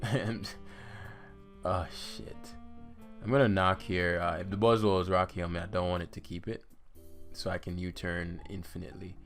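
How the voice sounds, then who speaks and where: A man's voice: sits low, gravelly. A man giving live commentary on a competitive game, swearing and trash-talking his opponent as he plays. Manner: profane, frustrated, trash-talking. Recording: faint guitar music behind.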